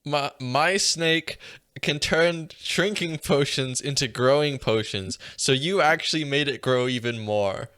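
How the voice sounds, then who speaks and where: Slow-talking deadpan man. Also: medium pitch, clean tone. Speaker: podcast co-host. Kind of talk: casual banter.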